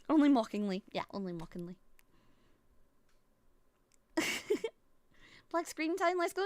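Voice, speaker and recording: A woman's voice: medium pitch, very animated, normal speed, pauses often, dry recording. A Scottish woman chatting casually as she reacts to a video, playful and giggly, rambling between thoughts. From Scotland. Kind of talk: casual reaction stream chat.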